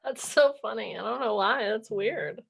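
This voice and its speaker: A mother on a group video call telling funny stories with animated, acted-out quotes. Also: on the high side, normal speed, vocal fry, husky, soft background music. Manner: animated storyteller, acts out quotes. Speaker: team member on a group call. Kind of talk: casual chat on a video call.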